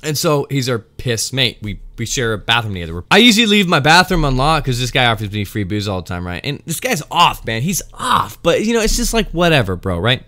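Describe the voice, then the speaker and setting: Young male storyteller, casual vlog, lively swinging voice, dry close sound. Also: medium pitch, a little fast, few pauses, no room sound. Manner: animated, rambling, wry. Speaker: firefighter storyteller.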